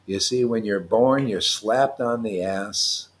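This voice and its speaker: A man's voice: on the low side, takes it slowly. A man leading an informal devotional talk, reading scripture aloud, explaining it playfully and laughing often. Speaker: spiritual teacher.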